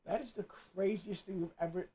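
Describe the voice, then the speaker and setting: A man's voice: high voice, normal speed, mellow, husky. A man reacting on a live stream, outraged and swearing freely. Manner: outraged, profane.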